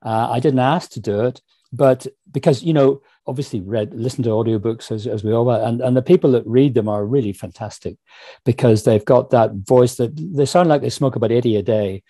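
A man with a Northern Irish accent, a guest author on a podcast, telling stories quickly and animatedly and slipping into voices when he quotes people. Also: mid-range voice, dry recording. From Northern Ireland. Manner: quick, animated storytelling, slips into voices when quoting others. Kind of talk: casual interview chat.

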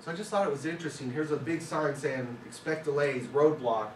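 A man's voice: a little high, fast, reverberant. Brief: male guest speaker, casual anecdotal lecture, distant mic, faint room hum. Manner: conversational, anecdotal. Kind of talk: classroom lecture with stories. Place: film school classroom.

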